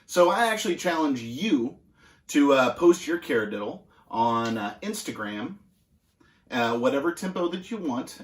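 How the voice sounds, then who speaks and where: Relaxed drum teacher in an echoey room. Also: male voice, medium pitch. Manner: relaxed, halting with many fillers. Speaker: drum instructor. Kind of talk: casual instructional demonstration. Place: music school practice room.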